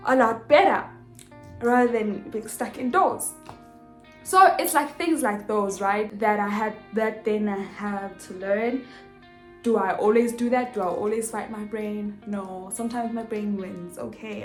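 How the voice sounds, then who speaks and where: Woman, young adult, expressive storyteller, slightly high voice, echoey room. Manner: animated, expressive, acts out dialogue. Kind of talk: casual storytelling vlog. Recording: echoey room with faint music.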